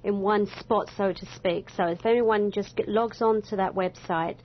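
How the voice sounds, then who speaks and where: A woman's voice: mid-range voice, fairly even intonation, normal speed. A woman hosting an interview, listening attentively and asking short questions. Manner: attentive, brief affirmations, asks questions. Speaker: host. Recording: dull lo-fi recording.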